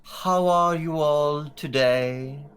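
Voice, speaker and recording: A man's voice: on the high side, extremely slow, fairly bright tone, clear, resonant tone, voice pushed up. A man voicing a regal, stately woman headmaster giving a grand, formal public speech. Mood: proud.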